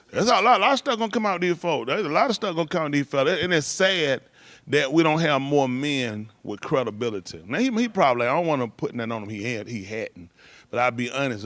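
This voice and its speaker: A man's voice: mid-range voice, no room sound. A man telling stories in casual talk, rambling loosely and breaking into laughs. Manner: loose rambling delivery with laughs and shouted impressions.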